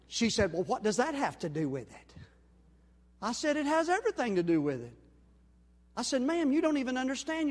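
High-voiced preacher in a reverberant sanctuary. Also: male voice. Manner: storytelling, acts out dialogue, swings loud and quiet. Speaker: pastor. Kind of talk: sermon. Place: church sanctuary. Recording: long hall reverb.

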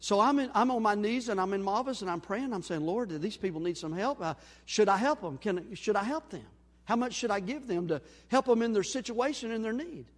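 A male pastor preaching a sermon, telling a story and acting out the dialogue, swinging between loud and quiet. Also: high voice, expressive, brisk. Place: church sanctuary. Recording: long hall reverb.

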